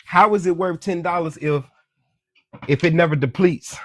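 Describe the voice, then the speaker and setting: Guy preaching about money to his followers, cussing a lot, kinda high voice, no room sound at all. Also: moderate pace, fairly bright tone, dry recording, studio quality. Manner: profane, preachy, repeats "you dig me" and "beloved". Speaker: social media commentator on money. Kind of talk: casual lecturing monologue.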